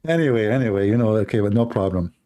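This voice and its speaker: A man's voice: lowish voice, mellow. A man, a native Arabic speaker from the Middle East, hosting a live show in a rambling, joking style and reacting to the chat. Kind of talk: casual live-stream chat.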